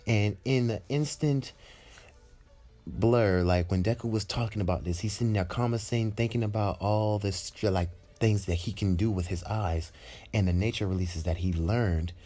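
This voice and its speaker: Low-voiced man rambling through a fan story. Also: normal speed, warm tone, soft background music. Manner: rambling, full of fillers and restarts. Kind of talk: casual storytelling narration.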